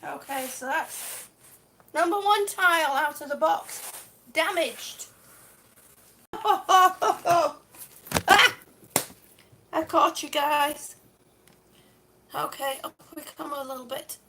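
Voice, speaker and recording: A woman's voice: sits high, slow, long pauses, fairly bright tone, slight background noise. A woman live-streaming a complaint about damaged tiles at home, exasperated and sarcastic, swearing now and then. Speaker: vlogger. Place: home, indoors.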